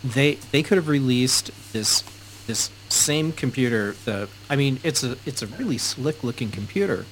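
A man's voice: medium pitch, animated, normal speed, a little hiss or hum, rough recording. A man in a casual tech chat making wry, critical remarks.

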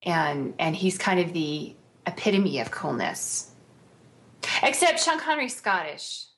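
A woman's voice: fairly low pitch, huge pitch swings, measured pace, vocal fry, a bit bright. An American woman in casual conversation, bubbly and playful, laughing often and breaking into exclamations. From United States. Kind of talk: casual chat.

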